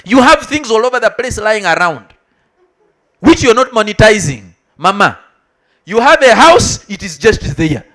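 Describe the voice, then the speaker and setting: Woman speaker, teasing and emphatic, lively pitch swings, motivational address. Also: normal speed. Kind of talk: motivational speech to graduates.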